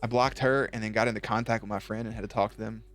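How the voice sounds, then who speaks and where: A man's voice: fairly even intonation, fast talker, soft background music. Profane joking male streamer. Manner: profane, joking, bursts into loud high yelps. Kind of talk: casual chat reading out viewer messages.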